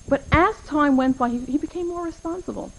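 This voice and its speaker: A woman's voice: high-pitched, brisk, muffled recording. Earnest middle-aged woman telling stories. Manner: earnest, anecdotal, with Hebrew and Yiddish terms. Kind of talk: personal storytelling talk.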